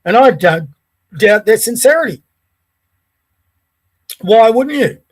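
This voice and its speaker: A man's voice: high-pitched, expressive, takes it slowly. A middle-aged Australian man hosting a podcast, delivering an indignant, ranting monologue full of rhetorical questions. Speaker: podcast host.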